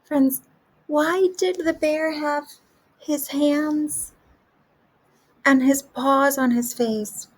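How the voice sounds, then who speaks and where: A woman kindergarten teacher giving a remote lesson, asking young children gentle, encouraging questions about a story. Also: high-pitched, fairly even intonation, drawn-out words, long pauses.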